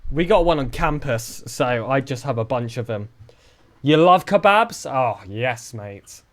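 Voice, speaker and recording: A young man from the south of England with a southern English accent, chatting casually with his live-stream viewers and joking around. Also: unhurried. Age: young adult. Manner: chatty and joking, with lively swings in pitch.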